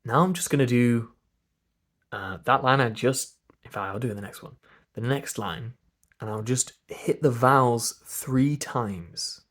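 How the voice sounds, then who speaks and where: A man's voice: mid-range voice, unhurried, fairly bright tone. A man with an English RP accent, coaching pronunciation by drilling sounds one at a time and explaining them. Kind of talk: slow pronunciation lesson.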